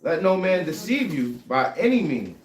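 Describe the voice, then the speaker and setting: A man reading scripture aloud in a slow, measured way. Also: fairly high pitch, sing-song. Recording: echoey room with faint noise.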